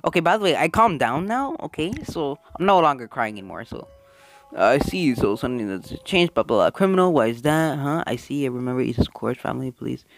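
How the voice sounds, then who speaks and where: A young man playing through a story game, reading its text aloud and reacting with excitable, animated outbursts. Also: medium pitch, a little fast, gravelly, dry recording. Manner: excitable, animated, swings between mumbling and loud outbursts. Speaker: let's-play gamer.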